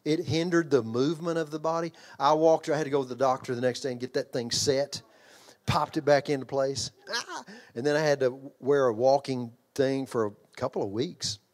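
A middle-aged man preaching a sermon in a church, with an altar call and an animated story told with yells and laughter. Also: medium pitch, fairly quick. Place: church hall.

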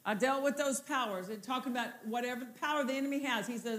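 High bright-voiced woman preacher. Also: fast talker, few pauses. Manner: repetitive, building to exultant shouts. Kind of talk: sermon.

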